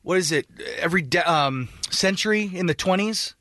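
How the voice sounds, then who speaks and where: A man co-hosting a morning radio show who jokes in a deadpan way. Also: sits high, normal speed, no echo, clean studio sound. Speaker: radio co-host. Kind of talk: casual morning radio banter.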